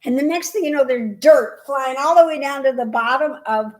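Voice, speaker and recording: A woman co-hosting a podcast in casual chat, telling animated, rambling stories. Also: high voice, moderate pace. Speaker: podcast co-host.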